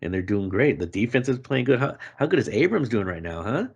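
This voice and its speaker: A man hosting a podcast in casual sports chat, relaxed and slangy, often agreeing with short "mm-hmm"s. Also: mid-range voice, a little fast, slightly rough, dull audio. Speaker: podcast host.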